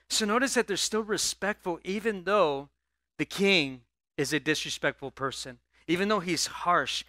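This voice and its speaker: Male pastor, animated sermon, bright slightly high voice, dry close recording. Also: no echo. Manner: animated preaching, prompts the congregation to answer; stammers and repeats words. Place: church sanctuary.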